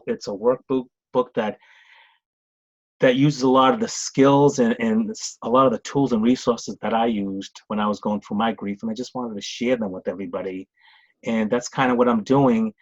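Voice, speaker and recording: A man's voice: mid-range voice, steady tone, normal speed, a little mellow, no room sound. Rambling Boston man on a dull line. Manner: rambling, frequent restarts and "it's like". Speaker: guest, grief coach and author. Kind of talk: casual conversational interview.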